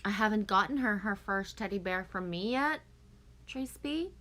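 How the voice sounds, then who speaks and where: A woman's voice: medium pitch, a little fast, pushed and bright. Chatty, gushing woman on a livestream. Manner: gushing, chatty, reads viewer comments aloud. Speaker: livestream host. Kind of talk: casual livestream chat.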